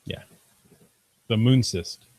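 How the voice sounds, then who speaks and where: A man co-hosting a casual podcast, relaxed and joking as he leads the topic. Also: takes it slowly, no echo. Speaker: podcast co-host.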